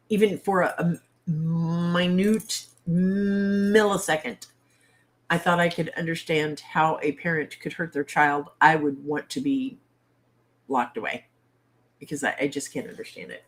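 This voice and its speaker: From home, a woman hosts a casual livestream chat, speaking bluntly with salty, exasperated humor. Her voice is fairly low for a woman yet fairly bright in tone, and she talks at a moderate pace. A simple webcam mic picks her up.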